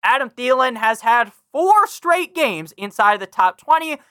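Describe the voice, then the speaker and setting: A man's voice: very high voice, sing-song, normal speed, sharp tone, clean tone, no echo, studio quality. A young man hosting a fantasy football podcast, talking casually, brash and foul-mouthed, speaking straight to his listeners. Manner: brash, swears freely, talks to listeners directly; reads a sponsor ad. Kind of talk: casual profane sports analysis.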